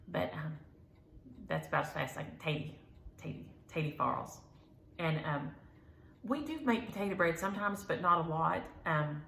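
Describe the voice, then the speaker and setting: A woman's voice: sits low, creaky, a bit bright, roomy sound. A woman hosting a stitching vlog, rambling in a folksy way with many ums as she chats to viewers from home. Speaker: flosstube host. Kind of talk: casual chat to viewers. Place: room at home.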